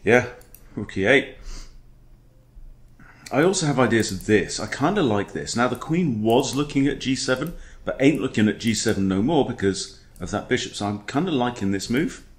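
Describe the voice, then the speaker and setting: A man's voice: medium pitch, lively intonation, moderate pace. A man coaching chess, talking through a game in a playful, chatty way. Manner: playful, chatty, throws in silly impressions. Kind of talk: casual game commentary.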